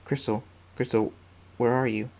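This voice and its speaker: A man voicing a kind, protective old stallion pony who is a grandfather, reading softly with small restarts. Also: medium pitch, level tone, normal speed, gravelly, natural voice. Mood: grim.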